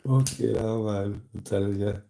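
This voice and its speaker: A man's voice: on the low side, fairly even intonation, measured pace, creaky, noisy background. A man live-streaming, chatting to his viewers in casual banter, laughing often and swearing freely.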